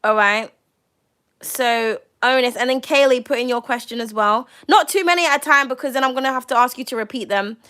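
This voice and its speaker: A woman giving a live-stream tarot reading, chatty and excitable, swearing freely. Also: a little high, fairly quick. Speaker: tarot reader.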